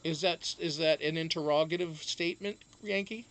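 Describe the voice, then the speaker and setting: A man hosting a casual live stream, chatting to viewers in a rambling way full of fillers, with sudden animated outbursts. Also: fairly high pitch, moderate pace.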